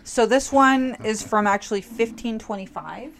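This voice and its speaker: A woman's voice: a little high, moderate pace, gravelly, slight background noise. Woman, co-host, casual tasting chat, reads facts, teasing tone. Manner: reads out beer facts, teasing, laughs often. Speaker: podcast co-host.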